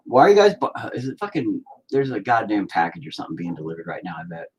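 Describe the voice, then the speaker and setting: A man's voice: lowish voice, wildly swooping pitch, quick pace, darkish tone, slightly rough. A man chatting casually while he paints, swearing a lot and mocking himself as he rambles. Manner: profane, self-deprecating rambling. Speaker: painting vlogger.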